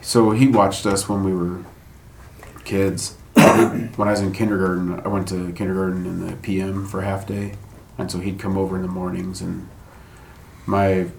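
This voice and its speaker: A man's voice: low voice, level tone, normal speed, gravelly, slight background noise. A middle-aged man telling a personal story in a casual, rambling way, swearing freely and laughing between thoughts. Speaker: guest sharing a grief story. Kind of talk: casual podcast chat.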